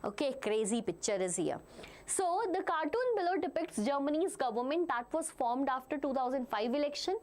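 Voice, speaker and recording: A woman's voice: high-pitched, moderate pace. A woman teaching a live online class, asking her students questions as she goes. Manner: animated, asks the class questions.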